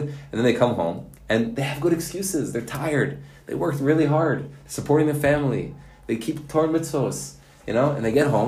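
A man teaching a Torah lesson to yeshiva students, telling stories in a lively, folksy way with Hebrew and Yiddish words. His voice sits at an ordinary middle pitch, and the sound rings in a roomy space. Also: fast. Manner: animated, folksy storytelling with Hebrew and Yiddish terms. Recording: roomy echo.

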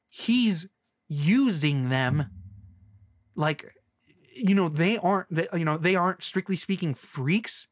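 A man's voice: a little high, no room sound, clean studio sound. A young man ranting casually about a movie, rambling and sarcastic, with many restarts. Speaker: movie reviewer.

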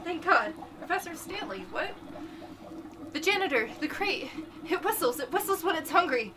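A woman voicing a panicked male professor who blurts out frantic, hurried warnings. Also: extremely high pitch, lively intonation, distant mic, background noise, pitched above the performer's own voice.

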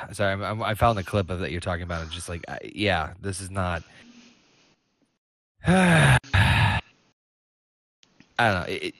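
A man's voice: sits low, animated, a little slow, pauses often, fairly bright tone, no room sound. Rambling crude-talking male podcast host. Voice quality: crude, rambling storyteller with many restarts. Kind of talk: casual chat.

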